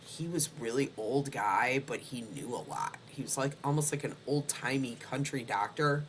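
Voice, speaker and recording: A woman's voice: a bass voice, animated, normal speed, slight background noise. A woman co-hosting a casual online talk show, telling personal stories with frequent laughter. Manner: chatty storyteller, laughs often. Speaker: podcast co-host. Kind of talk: casual chat.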